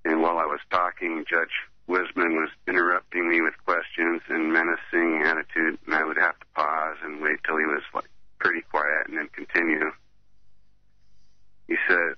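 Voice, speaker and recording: A man calling in to a talk show, reading his own account aloud slowly and haltingly, with many fillers. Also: deep voice, flat delivery, no room sound, lo-fi sound. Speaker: caller.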